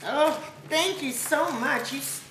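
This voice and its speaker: Excited craft lady unboxing happy mail, talks slow, noisy echoey room. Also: high-pitched. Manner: gushing, excited, thankful. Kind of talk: casual unboxing chat. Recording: echoey room with background noise.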